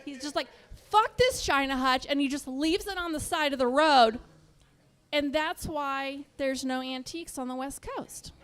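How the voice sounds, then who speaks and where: Born in Texas and raised in the Midwest and Washington, a woman performs a stand-up set in a comedy club on a handheld stage mic. Her voice sits high and moves at a moderate pace as she tells stories and acts out quoted voices.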